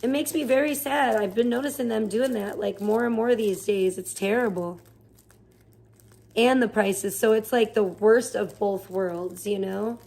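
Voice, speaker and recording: A woman's voice: medium pitch, a little slow, gravelly, darkish tone. A woman live streamer chatting casually, rambling and swearing as she rants in exasperation. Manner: rambling, profane, exasperated ranting. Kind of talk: casual chat.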